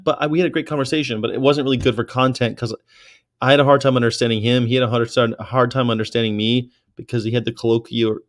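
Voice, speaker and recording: A man vlogging as a vegan activist, telling stories in a casual, rambling way that is excitable and full of profanity. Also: medium pitch.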